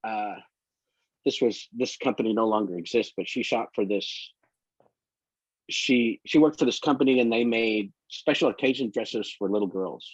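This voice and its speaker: In a casual interview, a photographer rambles through lengthy, winding work stories in a fairly low voice with a breathy edge, at a moderate pace. The recording is dry, dull and lo-fi, without any room sound.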